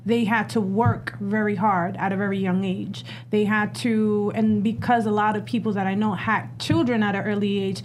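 A woman speaking in a measured, reflective way in a casual group chat. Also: medium pitch, fairly even intonation, a little hiss or hum.

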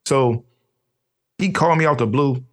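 Man, podcast co-host, casual slang, animated storytelling, acts out friends' voices. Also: mid-range voice, normal speed. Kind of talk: casual chat.

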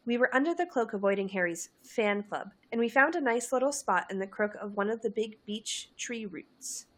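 A woman's voice: a little high, expressive, normal speed. A woman reading the lines of a frank, exasperated teenage witch recounting embarrassing events in a fan story.

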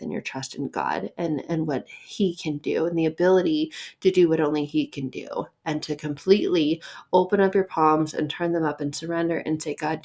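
A woman's voice: low-pitched, gravelly, a little mellow. A woman hosting a faith podcast, giving an earnest, conversational devotional talk with light laughs and repeated phrases for emphasis.

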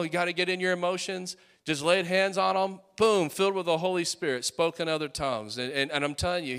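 A man in his late twenties preaching a sermon with fiery, rising peaks and quieter storytelling asides. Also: high voice, clean tone. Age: late 20s.

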